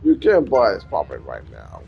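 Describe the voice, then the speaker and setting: A man's voice: sits low, wildly swooping pitch, moderate pace, creaky, muffled recording. A man giving casual gameplay commentary as a let's play gamer, ranting and swearing in exasperation. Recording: game gunfire and noise behind voice.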